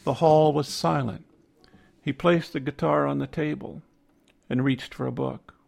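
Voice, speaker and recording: An older man narrating a reflective personal essay in a measured, contemplative way. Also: fairly high pitch, fairly even intonation, creaky, a little mellow.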